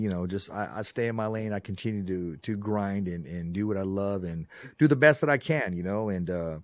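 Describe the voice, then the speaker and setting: A man hosting a podcast, telling stories in a lively casual way, often saying "man" and "bro". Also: on the low side, dry recording. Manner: animated storyteller, frequent "man" and "bro". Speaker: podcast host. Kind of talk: casual conversation.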